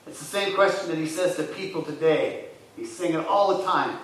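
A man preaching as a church pastor, earnest and rising loud when he retells scripture scenes. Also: fairly high pitch, moderate pace. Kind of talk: sermon. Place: church sanctuary. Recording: echoey church hall from far off.

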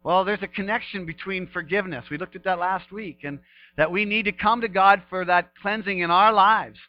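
A man preaching a sermon and reading scripture aloud, his delivery rising to emphatic peaks and dropping soft again. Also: high-pitched, fairly even intonation, a little fast, lo-fi sound. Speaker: pastor.

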